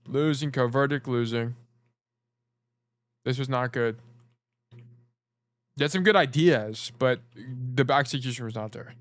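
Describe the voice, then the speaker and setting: A man's voice: mid-range voice, smooth, no echo. A man coaching players over a casual livestream, rambling, joking and swearing as he talks. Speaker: game coach.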